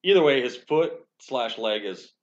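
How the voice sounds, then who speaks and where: A man's voice: medium pitch, animated, measured pace. A young man hosting a casual podcast chat, telling a rambling, profane, self-deprecating story. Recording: dull lo-fi sound.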